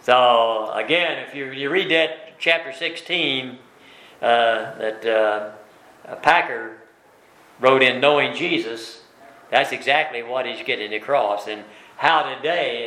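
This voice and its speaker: A man's voice: mid-range voice, measured pace, bright, forceful tone. A man teaching a Bible study in a plain, folksy way with frequent fillers. He keeps turning points into questions for his listeners. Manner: asks rhetorical tag questions. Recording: echoey room.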